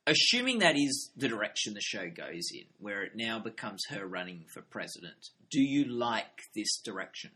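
A man's voice: lowish voice, big pitch swings, normal speed, few pauses, bright, forceful tone. A young man co-hosting a TV review podcast, chatting casually and thinking aloud with fillers. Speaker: podcast co-host.

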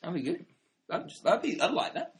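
A man's voice: sits high, very animated, a little fast. A young man co-hosting a TV review podcast, chatting casually and thinking aloud with fillers. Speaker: podcast co-host.

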